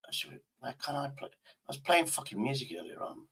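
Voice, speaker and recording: Husky streamer guy, talks to himself, swears a lot, casual. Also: medium pitch, brisk, pushed and bright. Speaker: livestreamer. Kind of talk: casual livestream chat.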